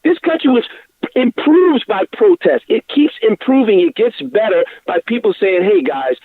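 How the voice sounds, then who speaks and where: Male caller, argumentative, tinny phone line, high and very animated. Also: moderate pace, dry recording. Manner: argumentative, lively, restarts to make his point. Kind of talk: heated sports debate by phone.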